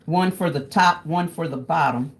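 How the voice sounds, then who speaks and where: A cooking vlogger chats casually with her viewers as she cooks, calling them "y'all." Her voice is low-pitched and she talks at a normal speed.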